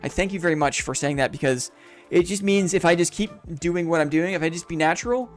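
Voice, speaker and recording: A man's voice: a little high, fast, faint music behind. A man chatting casually on a live game stream, upbeat and reflective, rambling through his thoughts in a friendly way.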